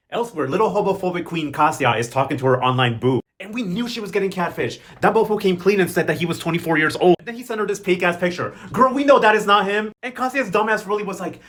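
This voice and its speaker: A man doing a sassy, slang-heavy recap of a soap opera, mocking the characters in quick asides. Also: on the high side, animated, a bit bright. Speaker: novela recap host.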